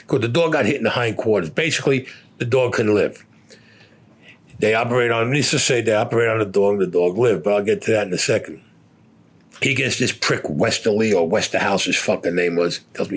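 An older man with a low, husky voice recounts his war days in an interview. His telling is blunt and rough, heavy with cursing. He speaks plainly and without polish. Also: fairly quick. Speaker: war veteran. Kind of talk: storytelling interview.

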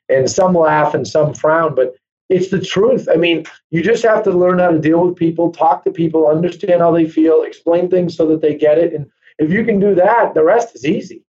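A man who runs a real estate brokerage, telling lively stories in a casual interview and acting out quoted voices. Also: on the high side, normal speed. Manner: animated storyteller, acts out quoted voices. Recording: dull lo-fi sound.

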